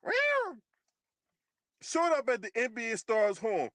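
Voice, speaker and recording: A man's voice: very high-pitched, sing-song, moderate pace, fairly bright tone, dry recording. A man hosting his own channel who reads out a news story and comments on it, mocking the people in it, swearing freely and often laughing.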